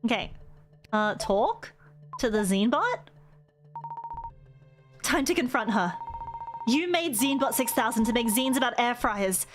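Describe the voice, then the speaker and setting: A woman voices a timid young office worker from a game, nervous but earnest as she musters courage. The voice is high and light, with game music behind it. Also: lively intonation, unhurried, long pauses. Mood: confronting. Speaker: streamer voicing game characters.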